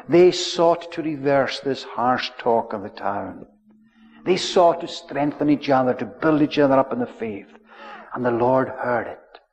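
A man preaching a sermon in a church, measured and solemn, drawing out his key words. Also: medium pitch. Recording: dull lo-fi recording, long church reverb.

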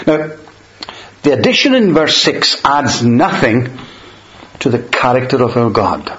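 A man preaching a sermon, measured and emphatic, slowing down on quoted verses. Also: mid-range voice, very animated, fairly bright tone. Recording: dull lo-fi sound in a roomy space.

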